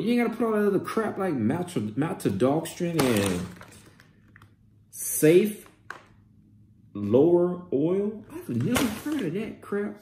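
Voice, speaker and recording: Excitable man in an echoey room. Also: sits high, takes it slowly, long pauses. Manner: excitable, exclaiming, reading out labels. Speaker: vlogger. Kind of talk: casual product haul review. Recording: echoey room with faint noise.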